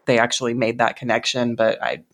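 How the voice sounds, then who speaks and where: A woman's voice: extremely low pitch, little pitch movement, fairly quick. A woman hosting a podcast, recapping a film in casual chat, swearing freely and laughing in disbelief. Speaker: podcast host.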